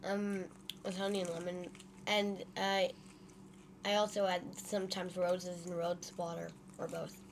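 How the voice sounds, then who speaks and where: A woman's voice: lowish voice, level tone, measured pace, slight background noise. A woman chatting casually at a home meal, musing aloud and repeating her points. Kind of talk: casual mukbang chat. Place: home dining table.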